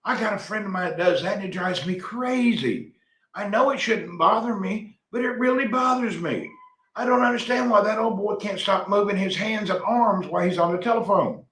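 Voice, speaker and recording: A man's voice: sits high, moderate pace, fairly bright tone. Man in his middle years, folksy livestream host, loose rambling delivery, roomy sound. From Tennessee, USA. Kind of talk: casual live chat reading comments.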